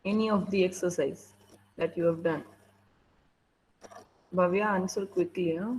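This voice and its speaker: A woman's voice: on the low side, fairly even intonation, measured pace, a little mellow, a little hiss or hum, low-quality recording. A woman teacher with an Indian English accent running an online class over a video call, strict and impatient as she prods students to answer.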